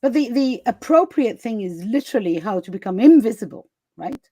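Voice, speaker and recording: A woman's voice: fairly high pitch, lively intonation, a little fast, dark tone, no room sound. Laughing, chatty woman hosting a summit. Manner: chatty, laughs often, many fillers and restarts. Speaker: summit host. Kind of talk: casual live interview chat.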